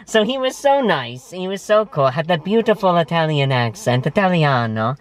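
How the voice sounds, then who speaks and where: A man's voice: on the high side, big pitch swings, normal speed, hardly any pauses. A man hosting a casual food review vlog from inside a parked car, talking in an emphatic, gushing way with dramatic word choices. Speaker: vlog host. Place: parked vehicle.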